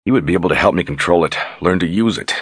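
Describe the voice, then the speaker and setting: A man's voice: sits low, quick pace, slightly rough, dry recording, clean studio sound. A man as a grim young warrior leader. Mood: subdued, wistful.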